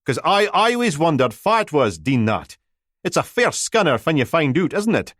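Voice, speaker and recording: A chatty, gossipy radio DJ, as a male narrator puts him on, rattling along in broad with a high, bouncy voice. Dry, close sound with no room to it. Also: very animated, moderate pace, fairly bright tone, no echo. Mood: gossipy, chirpy. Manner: chatty, rambling, broad dialect.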